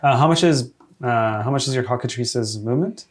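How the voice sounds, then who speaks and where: A man with a medium-pitched voice acts as game master for a tabletop game. He sounds hesitant, uses many fillers, and laughs readily.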